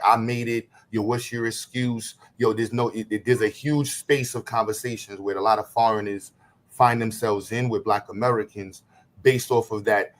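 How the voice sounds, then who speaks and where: Thoughtful man on a stream. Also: medium pitch. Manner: reflective, lays out ideas at length. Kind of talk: casual discussion on a stream.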